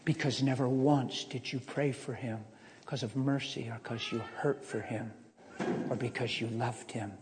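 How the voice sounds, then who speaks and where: A man voicing God, speaking softly, slowly and calmly as he corrects someone. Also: background noise, natural voice. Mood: gentle. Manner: low, soft, slow and measured. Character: God, calm correcting male spirit. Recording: long hall reverb.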